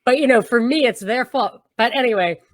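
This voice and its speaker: A woman's voice: a little high, no echo. A woman with a Brooklyn New York accent, chatting as a guest and telling stories with a ready laugh over a video call. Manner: animated storyteller, quick laugh. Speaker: podcast guest, radio host. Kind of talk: casual chat.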